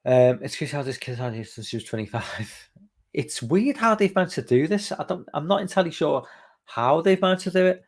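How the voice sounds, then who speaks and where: A man's voice: fairly high pitch, lively intonation, a little fast. A male podcast host rambling casually on a live stream, reading viewer comments aloud and swearing freely. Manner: rambling, loose, swears freely, many fillers.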